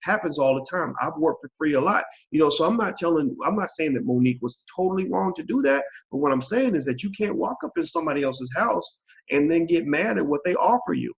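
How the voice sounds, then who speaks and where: A man hosting his own channel, giving blunt, animated opinion commentary and swearing freely. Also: a little high, quick pace, creaky, highs cut off. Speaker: channel host.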